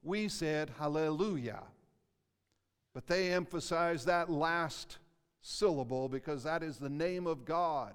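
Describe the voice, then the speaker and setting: A male pastor preaching a sermon, reading scripture slowly and emphatically, swelling and dropping in intensity. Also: fairly high pitch, animated, smooth, in a large hall.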